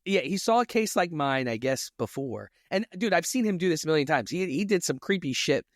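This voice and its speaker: A man co-hosting a podcast, telling a story in an animated way and slipping into voices. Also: fairly high pitch, brisk, no room sound, clean studio sound. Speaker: podcast co-host. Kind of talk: casual storytelling chat.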